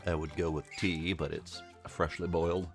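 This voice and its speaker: A man's voice: low voice, little pitch movement, moderate pace, over music. A man streaming a game, giving wry, mumbly running commentary and reading the on-screen text aloud. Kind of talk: casual gameplay commentary.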